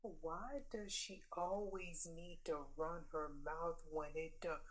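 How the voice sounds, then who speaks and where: A woman's voice: low-pitched, fairly even intonation, slow, slight background noise, rough recording. A woman co-hosting a casual gossip chat who reacts with short, disbelieving questions.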